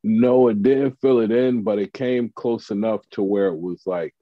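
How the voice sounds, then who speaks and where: A man's voice: on the low side, moderate pace, dry recording, highs cut off. A man, a comedian and TV writer, telling a story in casual chat and acting out the quotes of the people in it.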